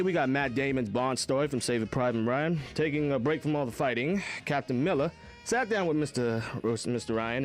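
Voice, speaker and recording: A man co-hosting a college radio film show in the studio, chatting and presenting a countdown. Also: mid-range voice. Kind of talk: casual chat and read-out countdown.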